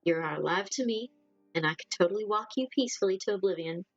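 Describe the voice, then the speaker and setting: A woman voicing a calm, caring female sea witch in a game, reading in a slow, soothing, motherly way. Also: mid-range voice, no room sound, muffled recording, faint music behind, natural voice. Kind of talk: reading game dialogue aloud.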